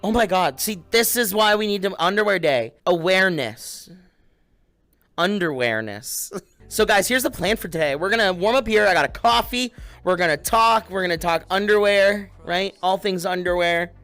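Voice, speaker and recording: A man's voice: high voice, moderate pace, bright, forceful tone, dry recording, soft background music. A young man in casual livestream chat, giggling often and talking straight to his viewers. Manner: giggly, chatty, addresses viewers.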